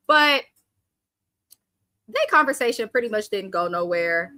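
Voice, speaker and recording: A woman's voice: on the high side, animated, normal speed, long pauses, pushed and bright, dry recording. A woman live-streaming a reality TV recap, blunt and sassy, reading viewer comments aloud and mimicking cast members. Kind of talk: casual live reaction commentary.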